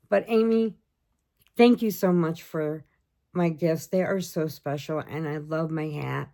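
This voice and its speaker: A woman's voice: medium pitch, a little slow, gravelly. A middle-aged woman chatting casually to camera, telling a funny family story and acting out what everyone said. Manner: chatty storyteller, animated quoting of others. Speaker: crochet vlogger.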